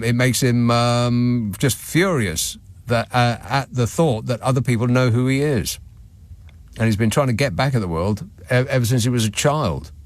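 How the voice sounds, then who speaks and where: This is a medium-pitched male radio talk show host doing a late-night phone-in monologue, chuckling sardonically as he reads out and remarks on listener messages. A studio microphone captures him with no echo.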